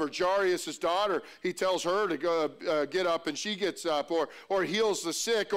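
High, clear-voiced preacher. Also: male voice. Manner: conversational preaching with frequent restarts and rhetorical questions. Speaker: pastor. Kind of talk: sermon.

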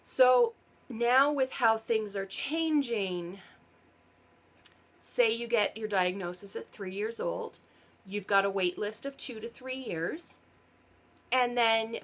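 A woman talks to camera in a casual explainer vlog. Her voice sits at an ordinary middle pitch. She explains earnestly, turns sarcastic at times, and often backs up to fix her wording. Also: takes it slowly, fairly bright tone. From Canada. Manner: sarcastic, earnest explaining with frequent self-corrections. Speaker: parent and vlogger.

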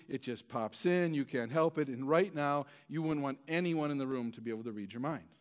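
Pastor mit erzählender Predigt. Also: male voice, mid-range voice. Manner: conversational, self-deprecating, with frequent stammered restarts. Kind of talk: storytelling sermon.

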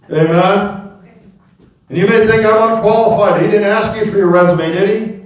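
A man's voice: high-pitched, moderate pace. A middle-aged male pastor preaching a sermon, telling stories and calling out amen to the congregation. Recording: very echoey hall, mic from a distance.

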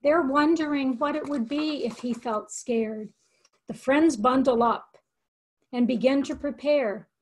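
An older woman teaching from a picture book, reading slowly and expressively and pausing to explain words. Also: sits high. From United States. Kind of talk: read-aloud lesson for educators.

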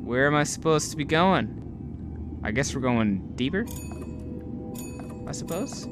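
A young man narrates his own gameplay in a lively, bouncy voice that climbs high when things go wrong. He curses freely, mutters to himself and cheers himself on. Game music plays clearly behind him. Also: slow pace. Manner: excitable, swears often, talks to himself. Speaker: gaming video host. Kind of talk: live gameplay commentary.

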